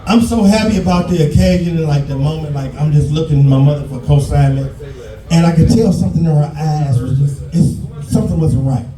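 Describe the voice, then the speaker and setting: Loud profane comedian in his fifties. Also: fairly high pitch, brisk. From Detroit, USA. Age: 50s. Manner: profane, loud, shouting punchlines. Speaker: stand-up comedian. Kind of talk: live stand-up set. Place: comedy club stage. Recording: echoey club from a distance.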